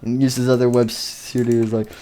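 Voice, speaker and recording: A man's voice: medium pitch, flat delivery, brisk, dark tone. A man improvising a story over game footage, rambling and playful with many fillers and restarts. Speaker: video narrator.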